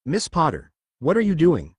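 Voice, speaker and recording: A man voicing a sickly sweet, toad-like woman teacher who speaks slowly and turns furious in a storybook reading. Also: fairly high pitch, sing-song, husky, no room sound.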